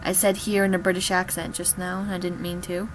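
A woman's voice: fairly low pitch, level tone, a little fast, noisy background. A woman giving casual commentary over her gameplay, rambling and joking at her own expense. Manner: rambling, self-mocking chatter. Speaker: gameplay video maker.

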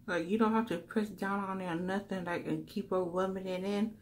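A woman's voice: mid-range voice, steady tone, normal speed, hardly any pauses. A young woman in a casual unboxing vlog, gushing over gifts and a little teary. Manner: gushing, exclaims "wow" often, addresses viewers as y'all. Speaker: vlogger.

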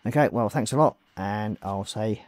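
A man hosting a live hobby stream, hoarse and losing his voice, casually talking through a miniature build and apologising. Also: fairly low pitch, moderate pace, darkish tone, no echo. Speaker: hobby livestream host.

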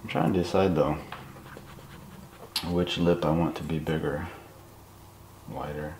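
A man quietly talking through a live portrait drawing in his apartment, soft-spoken with nervous asides. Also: a bass voice, steady tone, a little slow, echoey room, slight background noise. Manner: soft-spoken, murmured, self-conscious asides. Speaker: artist demonstrating drawing. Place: apartment room, indoors.

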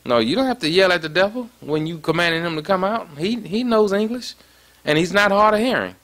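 A man's voice: sits high, expressive, fairly quick, fairly bright tone. Man preaching, conversational and emphatic. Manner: conversational preaching with frequent "you see that?" asides. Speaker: pastor. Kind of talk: sermon.

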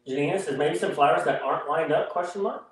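A man's voice: a little high, fast. A man co-hosting a livestream, reading viewer comments aloud and joking in casual chat. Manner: joking, laughs at himself. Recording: distant, very echoey room.

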